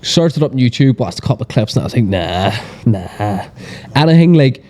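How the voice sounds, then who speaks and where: Male podcast guest, very dark mellow tone, casual, sweary, rambling. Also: mid-range voice, racing. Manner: sweary, rambling storyteller full of fillers. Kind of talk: casual chat.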